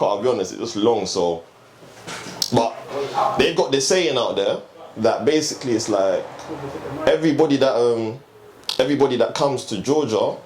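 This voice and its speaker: A young man, a guest DJ telling a story in slangy, casual chat with frequent laughs. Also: on the low side. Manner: slangy, animated, laughs often. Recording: roomy echo, faint background hum.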